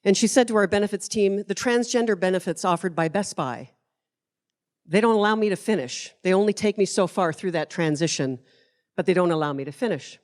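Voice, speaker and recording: A woman's voice: mid-range voice, fairly quick, a little mellow. A middle-aged woman, giving a conference keynote speech and telling stories in a passionate, emphatic way. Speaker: keynote speaker.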